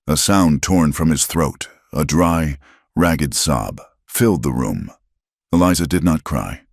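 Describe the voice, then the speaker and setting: A man tells a western story in scripted narration. His voice is extremely low, with a husky grain. The reading is grave and measured. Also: no room sound, studio quality.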